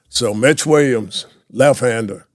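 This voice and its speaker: A man in his sixties, a former pro baseball player, telling lively anecdotes in a casual chat and laughing often. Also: mid-range voice, slow, gravelly, dry recording, clean studio sound. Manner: animated anecdotes, laughs often, acts out quotes.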